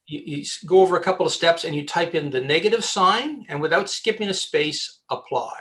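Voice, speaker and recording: A headhunter appears as a podcast guest, offering casual career advice in an animated, joking way and often restarting his sentences. He speaks briskly in a fairly high-pitched voice.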